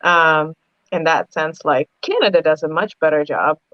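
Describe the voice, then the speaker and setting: A woman's voice: deep voice, normal speed, no room sound, muffled recording. A woman talking animatedly in a casual group discussion, telling stories with lots of rises in her voice. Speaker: podcast panelist.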